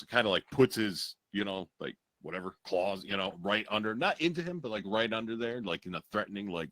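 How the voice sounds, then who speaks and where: A man's voice: fairly low pitch, expressive, normal speed, a bit bright, dry recording. A man co-hosting a comedy show who tells a story and acts out the characters' lines. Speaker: podcast co-host.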